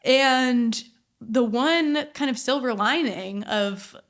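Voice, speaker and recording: A woman's voice: on the high side, slow pace, fairly bright tone. Chatty young woman telling a story. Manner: chatty storyteller, heavy use of "like", laughs often. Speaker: guest chef. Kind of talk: casual podcast interview.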